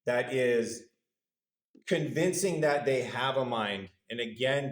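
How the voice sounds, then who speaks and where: A male university lecturer giving a conversational, good-humored lecture, putting questions to the audience in a lecture hall. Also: mid-range voice.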